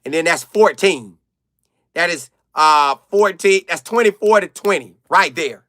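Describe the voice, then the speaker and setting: A high, bright-voiced man talks straight into a dry, close mic on a casual live stream. His delivery is loose and slangy, with a flavor, as he reads viewer comments and riffs on the game. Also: expressive, unhurried, no room sound. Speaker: live-stream sports commentator reading chat.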